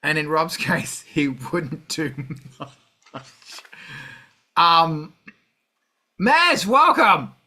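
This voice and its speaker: A middle-aged man hosts a casual livestream, talking slowly and swearing through a loose rant. His voice sits a little high, with a bright, forceful edge. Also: sing-song. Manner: profane, ranting, heavy swearing. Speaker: host of a music livestream.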